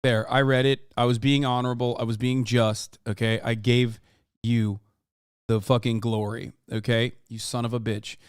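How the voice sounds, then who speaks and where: A man's voice: medium pitch, level tone, moderate pace, smooth, no room sound, clean studio sound. A man streaming live, reacting to clips with heated, profane, mocking commentary. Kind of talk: casual profane livestream commentary.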